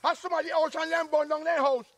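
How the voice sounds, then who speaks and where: A man's voice: extremely high pitch, flat delivery, fast, fairly bright tone. A man playing a boastful old Jamaican uncle and former soldier, blustering and scolding in a comic sketch.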